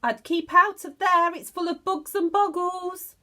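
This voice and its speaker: A woman voicing an alarmed, excitable young boy in a children's storybook reading, calling out and pleading. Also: very high voice, a little slow, pitched above the performer's own voice, heavily acted.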